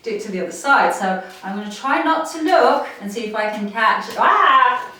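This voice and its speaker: A woman leading a gentle seated movement class, chatting encouragingly and laughing often as she plays. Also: medium pitch, animated, brisk. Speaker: movement instructor. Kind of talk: playful guided exercise class. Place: home room, seated on a chair. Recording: echoey room, mic at a distance.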